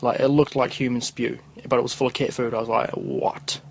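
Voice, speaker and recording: A man's voice: medium pitch, little pitch movement, fast talker, vocal fry, a little hiss or hum, rough recording. A young man with a New Zealand accent, a podcast host telling rambling, crude stories in casual slang. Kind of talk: casual storytelling.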